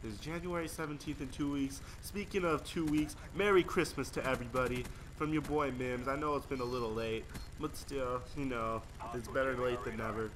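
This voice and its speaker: A man's voice: mid-range voice, steady tone, a little fast, hardly any pauses, a bit bright, slight background noise. A young man rambling through casual gameplay commentary and stories, slangy and easily sidetracked. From United States. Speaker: gaming video creator.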